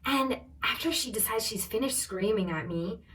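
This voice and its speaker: A woman's voice: a little high, moderate pace. Storytelling young woman, slightly distant mic. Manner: animated storytelling, quoting others in raised voices. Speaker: travel vlogger. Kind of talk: storytime vlog.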